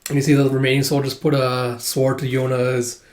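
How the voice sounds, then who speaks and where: A man reading through a manga volume in a casual way, acting out the characters' lines in quick bursts with plenty of fillers. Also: mid-range voice. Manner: animated, voices characters in bursts, many fillers. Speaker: manga reader. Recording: roomy echo.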